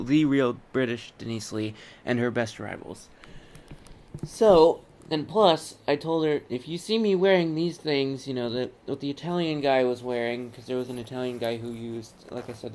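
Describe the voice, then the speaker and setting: A young man talking to his own camera on a college campus in a casual, rambling monologue, often repeating and correcting himself as he goes. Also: mid-range voice. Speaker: vlogger.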